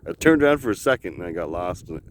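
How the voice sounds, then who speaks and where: A man's voice: low voice, big pitch swings, racing, noisy background. A man from Canada rambling and swearing in a casual vlog outdoors by the water, filming on a handheld camera, laughing often. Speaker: vlogger.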